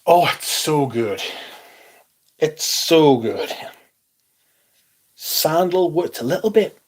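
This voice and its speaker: Speaking slowly but with animation, this man has a fairly high voice and a Northumbrian accent from northeast England. As host of a livestream, he's blunt and profane, reading the chat out loud and responding in an offhand way.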